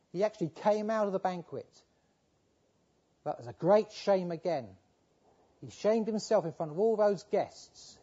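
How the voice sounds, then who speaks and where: A man preaching a sermon, pleading with his listeners and swinging from fervent appeals to low, quiet passages. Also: breathy edge, highs cut off.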